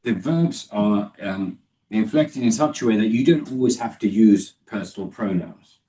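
A man's voice: lowish voice, moderate pace, dark tone. A man giving a discursive, explanatory Bible study lesson, with the voice recorded from a distance. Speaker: Bible teacher.

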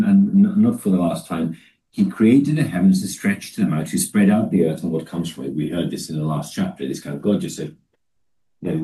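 A man giving a Bible teaching talk, halting and restarting often, and reading scripture slowly and deliberately. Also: low-pitched, dark tone, distant mic, poor audio. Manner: halting, with many restarts and fillers. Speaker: preacher.

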